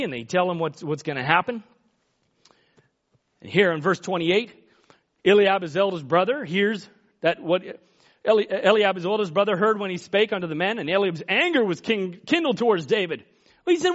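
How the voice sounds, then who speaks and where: A man's voice: sits high, expressive, normal speed. A man preaching a sermon in a folksy, emphatic way, acting out Bible quotes as he goes. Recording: dull lo-fi recording.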